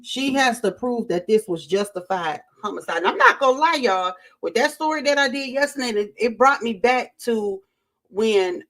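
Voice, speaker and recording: A woman's voice: a little high, animated, normal speed, fairly bright tone. A woman with a Southern American accent hosting a casual livestream, chatting loosely and greeting viewers by name, with frequent ums and restarts. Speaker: livestream host.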